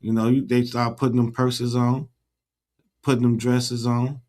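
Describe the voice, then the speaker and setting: A man's voice: medium pitch, flat delivery, unhurried, darkish tone. A man hosting his own YouTube channel in a casual livestream chat, talking in an earnest, repetitive, affirming way.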